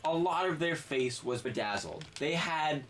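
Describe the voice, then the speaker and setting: A man's voice: a little high, animated, a little slow, a bit bright. A man telling a long anecdote in casual chat, rambling and profane, often cutting himself off mid-sentence. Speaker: game podcast co-host. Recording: distant mic with faint background noise.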